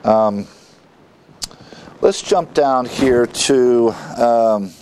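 A man teaching a verse-by-verse Bible lesson, reading scripture aloud and explaining it with halting asides and fillers. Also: mid-range voice, lively intonation, a little mellow, slight background noise.

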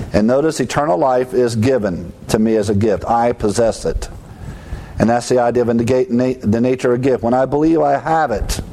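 A man's voice: mid-range voice, darkish tone, low-quality recording. Man preaching, quizzing his listeners. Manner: asks the audience questions and answers them himself. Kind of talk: sermon teaching with illustrations.

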